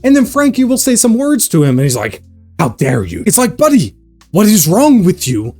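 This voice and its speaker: A man giving a casual commentary vlog, ranting with sarcastic, animated energy. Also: sits high, brisk, faint music behind. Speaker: anime reaction youtuber.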